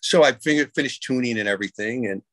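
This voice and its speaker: A man's voice: medium pitch, fast talker, a bit bright, no echo. Rambling storyteller man, dry sound. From New York. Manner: rambling anecdotes with many restarts. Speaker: guest musician. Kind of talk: casual interview storytelling.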